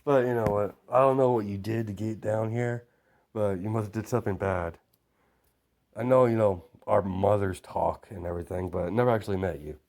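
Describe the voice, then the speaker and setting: A man's voice: fairly low pitch, brisk, darkish tone, close to an everyday voice. A man doing a cocky tough schoolgirl brawler. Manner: blunt and cocky, with fillers.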